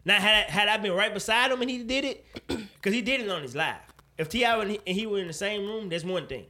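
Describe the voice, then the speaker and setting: A man co-hosting a casual chat show, talking in an animated, profane way and pressing his point with rising emphasis. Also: high-pitched, fast. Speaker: podcast co-host.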